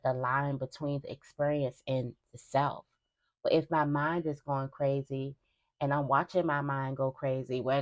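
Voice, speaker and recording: A young woman giving a spiritual reading to her viewers in a casual, emphatic way, repeating phrases as she talks. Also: low voice. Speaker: tarot reader.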